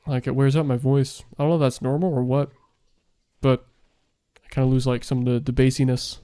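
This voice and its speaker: A man's voice: mid-range voice, flat delivery, brisk, warm tone, smooth. Rambling young man streaming late. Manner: rambling, heavy on fillers. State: voice worn out late at night. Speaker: streamer and game developer. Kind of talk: casual gaming stream chat.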